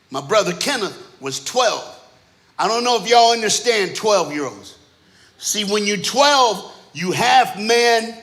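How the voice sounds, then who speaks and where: A man with a high, bright, ringing voice preaching from a church stage. He tells comic family stories in short, punchy bursts. He slips into the voices of the people in them as he goes. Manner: animated, punchy storyteller who acts out family characters. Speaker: guest preacher. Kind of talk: comedic storytelling sermon.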